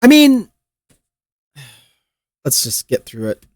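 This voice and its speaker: A man's voice: high-pitched, huge pitch swings, extremely slow, no echo, studio quality. A man reacting to a clip with sarcastic, profane commentary. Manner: mocking, profane.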